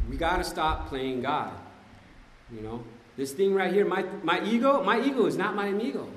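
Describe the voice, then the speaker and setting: A man's voice: high voice, a bit bright, a little hiss or hum. A man giving a conversational, emphatic personal testimony at a recovery meeting, often asking "right?". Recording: echoey hall, faint ambience.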